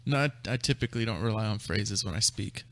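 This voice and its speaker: A man's voice: lowish voice, fast, background noise. A man in casual podcast chat, sarcastic, blunt and jokey. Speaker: podcast co-host.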